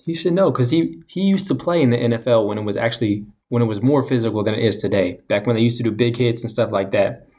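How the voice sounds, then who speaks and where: A man's voice: medium pitch, fast, mellow. A man co-hosting a casual sports podcast, laughing often and cracking jokes. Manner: laughing, wisecracking. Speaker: podcast co-host.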